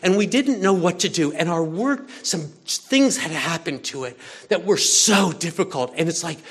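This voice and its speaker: An older man preaching in a chatty, animated storytelling way, swinging between loud moments and hushed ones. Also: fairly high pitch, moderate pace. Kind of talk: conversational sermon with storytelling.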